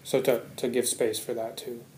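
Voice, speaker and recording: A man's voice: medium pitch, level tone, moderate pace, darkish tone, a little hiss or hum. Guy giving a dharma talk, chatty, keeps asking "right?", echoey hall. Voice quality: conversational, often asks "right?". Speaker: Buddhist Dharma teacher. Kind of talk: Dharma talk to a live audience. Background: audience laughter.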